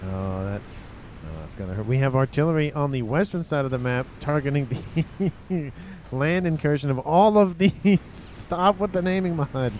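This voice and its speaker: A man casually commentating a strategy game replay, reacting excitably as the action unfolds. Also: fairly high pitch, slight background noise. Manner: excitable, quick reactions, often exclaims "oh".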